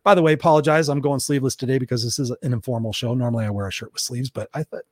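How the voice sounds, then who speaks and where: A man's voice: medium pitch, racing, a little mellow, no room sound, clean studio sound. A man hosting a solo livestream, telling candid, profane stories with lots of fillers and restarts. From Southern California. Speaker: host. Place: room at home.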